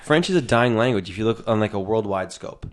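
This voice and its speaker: A man's voice: fairly low pitch, expressive, a little fast. A man co-hosting a podcast in casual chat, brash and self-mocking, swearing freely. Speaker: podcast co-host.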